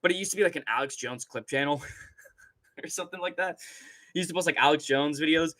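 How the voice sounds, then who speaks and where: A young man with a fairly high, bright, forceful voice talks fast in a recording with no echo. He hosts a laid-back livestream, reading chat amid profane, rambling rants and plenty of laughter.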